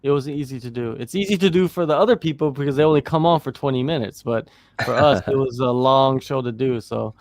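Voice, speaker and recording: A man's voice: mid-range voice, brisk, a little mellow, no echo. A man co-hosting a podcast in casual chat, teasing and talkative, with lots of "you know". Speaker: podcast co-host.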